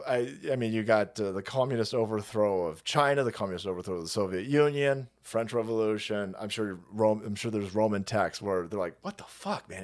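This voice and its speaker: A man hosting a profane, sarcastic political comedy rant on his stream. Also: mid-range voice. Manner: animated, foul-mouthed, sarcastic. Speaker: streamer host.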